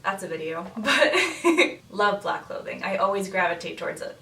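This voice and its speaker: A woman's voice: medium pitch, lively intonation, moderate pace, vocal fry, bright, forceful tone, far from the mic. Chatty young woman in an echoey room. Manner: chatty, laughs often. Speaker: makeup artist vlogger. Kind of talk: casual chat to camera. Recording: echoey room, mic set back, faint hiss.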